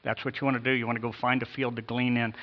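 A man's voice: mid-range voice, little pitch movement, racing, lo-fi sound. A man preaching a sermon, emphatic, repeating key phrases and reading scripture with inflection. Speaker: pastor.

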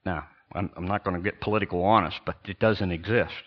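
An older man, a pastor, preaching a sermon in an emphatic, sarcastic way with pauses and restarts. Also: low-pitched, steady tone, dull audio.

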